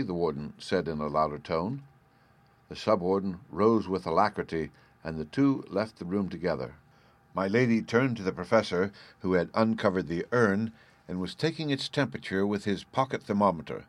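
A man narrating a storybook in a measured, even reading. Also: deep voice, no room sound.

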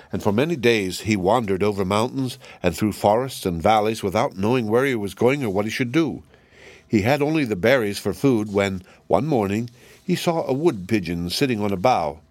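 Low-voiced man reading a fairy tale. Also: a little mellow, dry recording. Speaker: narrator. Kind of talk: storybook reading.

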